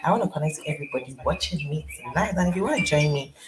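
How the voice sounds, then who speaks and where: A woman's voice: low voice, expressive, very fast, low-quality recording. A young woman chatting on a live stream from home at night, greeting viewers by name in a casual way. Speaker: YouTuber hosting a live stream. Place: home at night, family watching a movie nearby. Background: movie sound and music.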